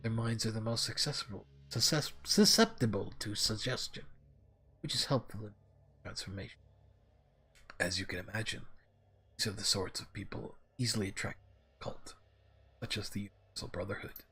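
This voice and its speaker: A man's voice: lowish voice, moderate pace, pauses often, pushed and bright, husky, pitched below the performer's own voice, exaggerated voice. A man doing a grave, ominous old scholar.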